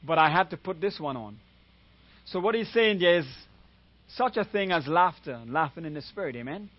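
High-pitched guy preaching, keeps asking amen?, dry muffled recording. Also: animated, normal speed, no room sound. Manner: calls "amen?" often, retells a story with quoted voices. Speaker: guest preacher. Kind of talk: sermon.

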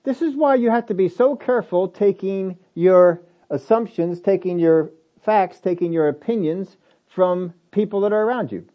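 Emphatic high-voiced male preacher. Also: normal speed, lo-fi sound. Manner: emphatic, repeats phrases, rhetorical questions. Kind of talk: sermon.

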